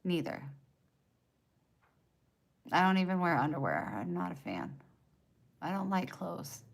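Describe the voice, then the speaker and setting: Woman livestreamer, American country twang, low gravelly voice, breathy and soft-spoken. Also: very animated, measured pace. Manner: soft-spoken, drifting into near-whispers. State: short of breath. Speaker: livestreamer reading chat. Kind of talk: casual live-stream chat.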